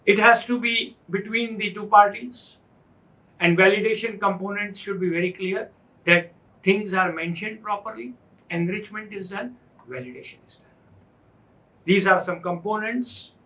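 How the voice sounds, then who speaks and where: A man's voice: high-pitched, fairly even intonation, moderate pace, bright, forceful tone, low-quality recording. A man with an Indian English accent teaching a finance class, stressing points with repetition and rhetorical questions. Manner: emphatic, repeats points, asks rhetorical questions. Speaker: finance instructor. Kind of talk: classroom lecture.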